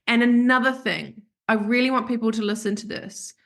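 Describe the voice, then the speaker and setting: Bright, lively woman podcast guest. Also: on the high side, moderate pace, creaky. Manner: lively, frank storyteller. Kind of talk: casual podcast conversation.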